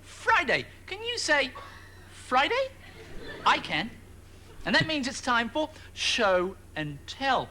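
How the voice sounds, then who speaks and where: An actor playing a smug, mock-cheerful children's TV co-presenter who slips in sly digs. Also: male voice, extremely high pitch, sing-song, slow, sharp tone, a little hiss or hum, heavily acted. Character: snide man kids' TV co-presenter.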